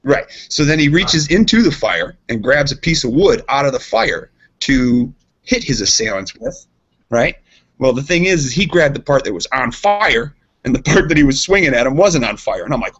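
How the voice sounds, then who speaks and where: A husky-voiced man on a casual podcast, rambling through an anecdote with plenty of energy and laughter. The audio is dull and lo-fi. His pitch sits right in the middle for a man. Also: normal speed. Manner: rambling, animated, laughing while telling a story. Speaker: podcast co-host. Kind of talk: casual chat, storytelling.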